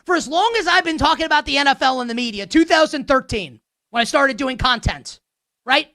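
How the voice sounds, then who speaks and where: A woman's voice: high voice, lively intonation, a little fast, sharp tone, dry recording, clean studio sound. A woman hosting a sports show, ranting with heated sarcasm.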